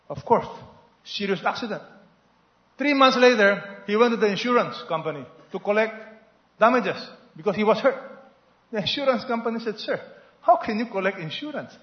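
A man preaching a sermon with lively storytelling, who asks the congregation questions and has them repeat after him. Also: sits high. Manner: animated preaching, call-and-response questions to the congregation. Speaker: pastor. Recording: echoey, slightly dull hall recording.

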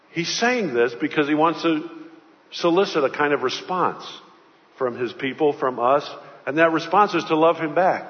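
A man's voice: fairly high pitch, slight background noise. Earnest male preacher in a reverberant hall. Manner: earnest storytelling preacher, emphatic. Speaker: pastor. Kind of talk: sermon. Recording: dull recording, long hall reverb.

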